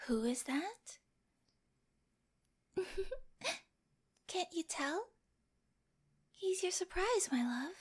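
A woman voicing a sweet but obsessive young girlfriend with a dark streak in a whispered role-play, speaking straight to the listener with giggles and coaxing whispers. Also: extremely high pitch, expressive, extremely slow, pauses often, exaggerated voice. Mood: creepy adoring. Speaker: voice actor in listener-addressed audio drama.

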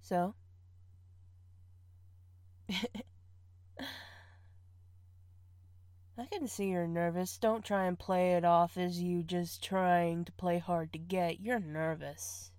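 A woman's voice: lowish voice, fairly even intonation, takes it slowly, pauses often, a little mellow, clean tone, dry recording, clean studio sound. A young woman in an audio role-play, playing a bossy partner who teases, scolds and laughs often. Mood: soothing.

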